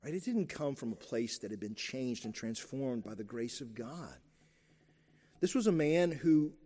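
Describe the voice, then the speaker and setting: A man's voice: fairly high pitch, mellow, long reverb tail. A man preaching a sermon, emphatic and repeating his key phrases.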